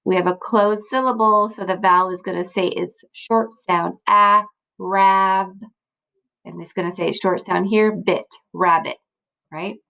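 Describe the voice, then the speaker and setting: A woman's voice: lowish voice, steady tone, a little fast, creaky, few pauses, fairly bright tone, low-quality recording. A woman teacher walking young students through a recorded slideshow lesson, patient and encouraging, often checking in with "okay?" and "right?". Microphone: computer mic, screen recording.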